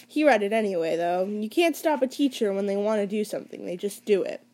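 A woman's voice: mid-range voice, lively intonation, a little fast, darkish tone. A woman reading a first-person novel aloud in a casual, conversational way, with small slips and restarts. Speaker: reader.

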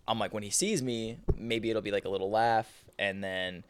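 A young man co-hosting a casual podcast, telling a story with lively reenacted dialogue and cursing. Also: on the low side, normal speed, a loud crowd. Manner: animated, reenacts dialogue, swears. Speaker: podcast co-host.

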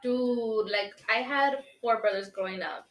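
Blunt, laughing woman in her thirties, a bit high-pitched, echoey room. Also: unhurried. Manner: blunt, laughing, mixes in Spanish. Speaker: podcast co-host. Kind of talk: casual chat.

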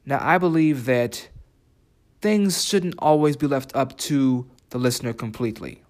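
Male writing instructor, mid-pitched, reflective lesson delivery with questions to the listener. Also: darkish tone. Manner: reflective, asks listeners questions, reads lyric quotes slowly. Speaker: writing teacher. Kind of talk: spoken lesson comparing translations.

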